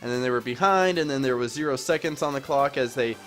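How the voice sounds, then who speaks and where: A man's voice: medium pitch, fast. A young man chatting casually over his gameplay as a YouTuber, rambling and joking at his own expense. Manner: rambling, self-mocking, chatty. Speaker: gaming YouTuber. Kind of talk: casual let's-play commentary. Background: soft background music.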